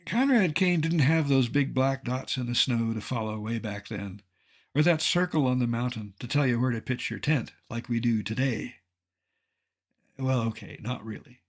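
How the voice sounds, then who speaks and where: An older man, a mountaineer, narrating a slideshow in a scripted way, with dry, deadpan humor. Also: medium pitch, moderate pace.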